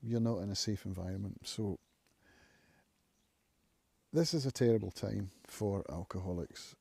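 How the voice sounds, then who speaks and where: A man hosting his own live stream from home, thinking aloud in a reflective, musing way with frequent pauses. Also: fairly low pitch, creaky, dark tone, slightly rough, dry recording. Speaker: channel host, recovering alcoholic. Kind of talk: casual live-stream monologue.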